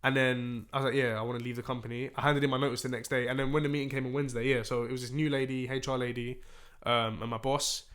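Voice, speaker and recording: A man's voice: mid-range voice, little pitch movement, fast, fairly bright tone. A young man, a podcast guest telling a story in casual slang, swearing freely and acting out dialogue.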